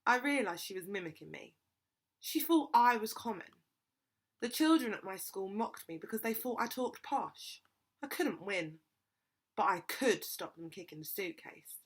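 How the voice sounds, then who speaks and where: A woman reads a children's novel aloud. Her narration is steady and expressive, at a middling pitch. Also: unhurried, breathy edge. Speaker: reader.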